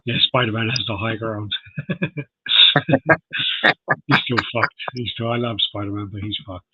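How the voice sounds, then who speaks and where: A man's voice: fairly low pitch, steady tone, slow pace, long pauses, breathy edge, highs cut off. An American man co-hosting a podcast in casual chat, laughing often as he reads out details. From United States. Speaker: podcast co-host.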